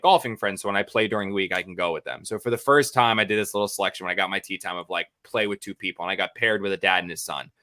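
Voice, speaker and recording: Bright-voiced man telling a rambling story. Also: lowish voice. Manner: rambling, animated storytelling with many fillers and restarts. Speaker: podcast co-host. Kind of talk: casual storytelling on a podcast.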